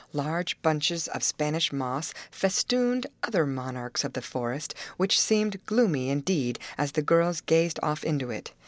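A woman narrating a novel as an audiobook in a measured storytelling manner. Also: low voice, dry recording.

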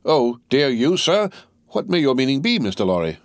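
A man voicing a pompous, blustering barrister who talks in a loud, indignant, hectoring way. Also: mid-range voice, big pitch swings, normal speed, dry recording, clean studio sound, voice pushed up. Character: blustering, pompous male barrister, self-assured.

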